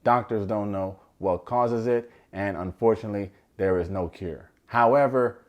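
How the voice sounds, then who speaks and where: A man's voice: lowish voice, normal speed, highs cut off. A man giving a casual comedic recap of a reality show, full of sarcastic asides. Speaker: TV recap reviewer.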